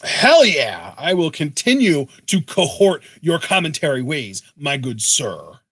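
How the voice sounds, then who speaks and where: A man's voice: on the high side, sing-song, measured pace, fairly bright tone, breathy edge, no echo. A young man co-hosting a casual podcast, easygoing and teasing. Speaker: co-host.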